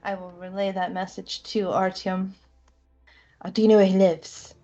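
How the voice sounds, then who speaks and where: A woman playing in a tabletop game, talking in a hesitant, halting way. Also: mid-range voice, level tone, mellow, dull audio. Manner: hesitant, halting, laughs often. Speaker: player. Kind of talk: casual tabletop game play.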